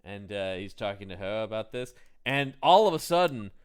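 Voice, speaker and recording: A man's voice: fairly low pitch, animated, normal speed, clean tone. A man co-hosting a casual podcast, recapping a film's plot and acting out lines. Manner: recounts plot scenes, acting out quotes. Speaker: podcast co-host. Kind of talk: casual movie-recap chat.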